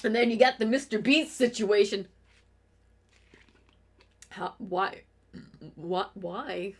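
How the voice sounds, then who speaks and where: A woman's voice: medium pitch, slow pace, slightly rough. A woman streamer in a casual, profane rant, heated and exasperated, firing off complaints with restarts. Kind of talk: casual ranting commentary.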